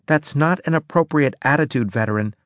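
A man voicing a calm, patient woman doctor who speaks firmly. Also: on the high side, fairly quick, no room sound, voice pushed up, lightly acted. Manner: patient, firm.

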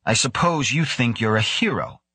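Snarling zealot leader, commanding, accusing, husky tone, read by a male narrator. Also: medium pitch, expressive, normal speed, bright, forceful tone, dry recording, pitched above the performer's own voice.

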